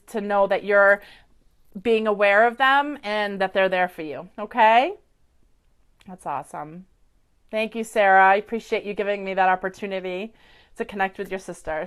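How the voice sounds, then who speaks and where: A woman's voice: medium pitch, smooth. A woman psychic medium giving effusive live-stream readings to viewers, chatty and gushing with many fillers, into a webcam or phone mic.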